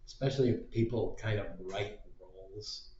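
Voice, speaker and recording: A man's voice: fairly low pitch, fairly even intonation, moderate pace, dark tone. A man talking in a casual, meandering monologue, swearing freely as he goes. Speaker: vlogger. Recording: roomy, dull lo-fi recording.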